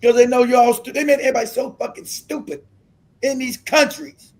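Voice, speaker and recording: High-pitched dude ranting on a stream, blunt and sweary, keeps repeating himself. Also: male voice, steady tone, brisk, a little mellow, low-quality recording. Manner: blunt, profane, repeats points insistently. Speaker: host of a commentary stream. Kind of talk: ranting political commentary. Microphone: streaming mic.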